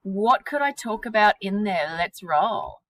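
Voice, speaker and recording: A woman teaching a literature class, energetic and questioning, with casual slang. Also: medium pitch, measured pace, no echo, poor audio.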